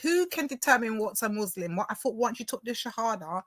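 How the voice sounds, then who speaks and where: A woman's voice: on the high side, expressive, fairly quick, a bit bright, no echo. A young woman, chatting in casual reaction commentary, playful and full of slang.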